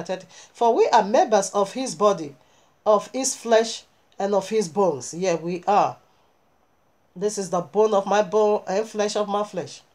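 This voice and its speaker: A woman's voice: mid-range voice, a little mellow. Woman preaching a scripture sermon. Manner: reads scripture aloud and explains it verse by verse, emphatic exhortations.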